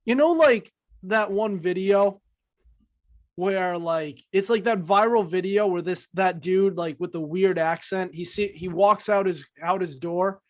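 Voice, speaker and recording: A man guesting on a casual podcast who rambles and stumbles through his thoughts. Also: high voice. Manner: rambling, halting, full of "like".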